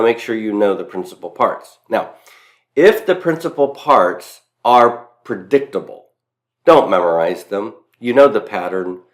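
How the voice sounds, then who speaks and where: Southern male teacher, deep voice, emphatic lecture style, repeats his points. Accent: Southern US (Mississippi). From Mississippi, US. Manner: emphatic, repeats key points, self-deprecating asides. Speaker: Latin teacher. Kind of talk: recorded grammar lecture.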